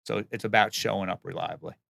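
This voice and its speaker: A man with a heavily gravelly, somewhat low voice speaks earnestly about his home building work. He talks plainly in casual interview answers and often restarts his words. The sound is dry and close. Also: fairly even intonation, fast, fairly bright tone, dry recording.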